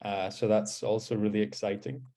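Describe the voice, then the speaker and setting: A man with a Scottish accent presenting in a webinar in a relaxed way, with many ums and uhs, over a video call mic. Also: fairly low pitch, moderate pace. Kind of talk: casual webinar talk.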